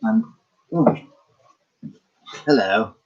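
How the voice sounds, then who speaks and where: A man's voice: mid-range voice, sing-song, drawn-out words, a little mellow, slightly rough. Man musing aloud on slightly dull audio. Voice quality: musing, wandering, self-correcting. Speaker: vlogger and painter. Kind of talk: casual rambling vlog talk.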